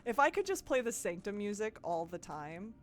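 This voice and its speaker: A woman's voice: mid-range voice, sing-song, normal speed, a little hiss or hum. A woman from the American Midwest doing live gameplay commentary as a streamer, musing aloud, giggling and chatting with viewers.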